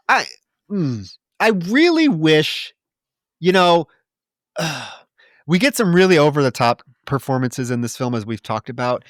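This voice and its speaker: A man co-hosting a podcast, recapping a movie plot in casual chat, animated and swearing. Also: on the high side, no room sound, studio quality. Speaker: podcast co-host.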